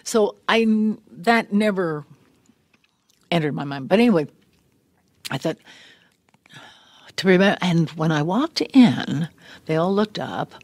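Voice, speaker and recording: An older woman guest talking in a large studio room, a lively storyteller who acts out quotes, her voice a little harried. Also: lowish voice, unhurried, pauses often, no room sound. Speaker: guest actress. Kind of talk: casual storytelling interview.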